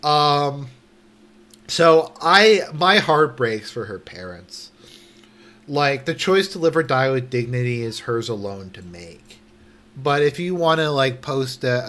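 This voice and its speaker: A man's voice: mid-range voice, big pitch swings, a bit bright. Indignant, sarcastic man commenting on news. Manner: indignant and sarcastic, swears, halting with many restarts. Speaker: online commentator. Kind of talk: casual commentary reading a news article.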